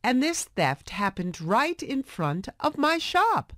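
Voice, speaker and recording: A kindly, generous bookseller with a calm, reassuring tone, read by a woman telling a storybook. He speaks slowly, with a lively rise and fall, recorded dry and close. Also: high-pitched, no room sound, voice pushed up, full character voice. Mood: earnest. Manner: gentle and reassuring.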